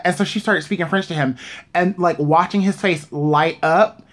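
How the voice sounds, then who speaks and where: A woman's voice: on the low side, moderate pace. A woman who teaches dance, telling a story in a casual chat with many "like"s.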